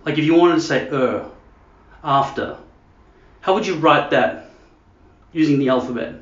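A man's voice: fairly high pitch, unhurried. A man vlogging casually at home, joking and swearing as he rambles. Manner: crude, joking, mocking. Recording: echoey dull room sound.

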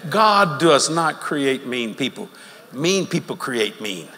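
Animated preacher in a big hall. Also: male voice, medium pitch, slow. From Louisiana, USA. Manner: folksy, animated, laughing between lines. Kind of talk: sermon. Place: large church auditorium. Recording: long hall reverb with faint crowd ambience.

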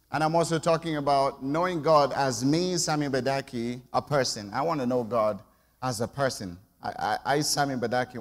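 A middle-aged man preaching a conversational sermon in church, often calling for the congregation's response. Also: mid-range voice. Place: church sanctuary. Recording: long church reverb.

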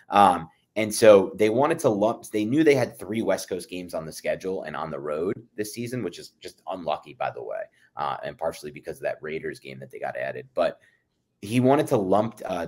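A man co-hosting a football podcast, giving emphatic, opinionated analysis and often addressing his co-host by name. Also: sits low. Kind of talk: sports analysis chat.

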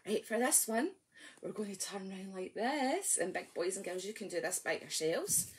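A woman's voice: mid-range voice, lively intonation, moderate pace, slight background noise. A Scottish woman leading a library rhyme time for babies and toddlers. She talks in a sing-song, exclamatory way, coaxing the parents and little ones, and reads a storybook aloud. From Scotland. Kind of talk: baby and toddler rhyme session with a storybook reading.

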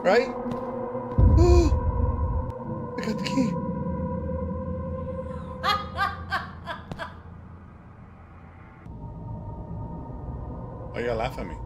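A man commentating a horror game he is playing, jumping between shouts and muttering to himself. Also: very high-pitched, wildly swooping pitch, extremely slow, pauses often. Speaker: gameplay streamer. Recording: music loud in the background.

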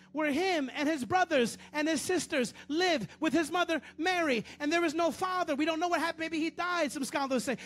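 High-voiced preaching pastor, faint music behind. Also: male voice. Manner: preaches with sudden swings from loud bursts to low murmurs; repeats phrases for emphasis. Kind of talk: sermon.

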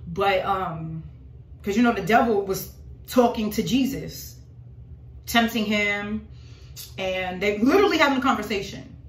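A woman's voice: medium pitch, animated, measured pace, pauses often, echoey room. A woman talking casually and dramatically to her followers about her faith, calling them y'all. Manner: emphatic, dramatic, addresses viewers as y'all. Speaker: religious vlogger.

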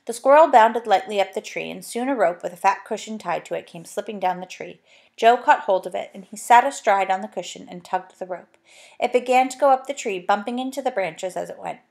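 A woman reading a children's storybook aloud, gentle and chatty, with little asides to the listener. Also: mid-range voice, fairly quick, gravelly. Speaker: narrator.

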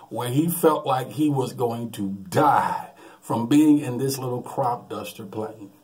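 A man preaching in a lively storytelling way, chuckling between his lines. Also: medium pitch. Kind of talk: sermon with a humorous anecdote.

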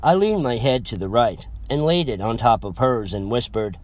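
A man narrates a first-person story in a loose, conversational way. He drifts into asides and pokes fun at his own rambling, in an average-pitched voice. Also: animated, moderate pace, hardly any pauses. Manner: chatty, rambling, self-aware asides.

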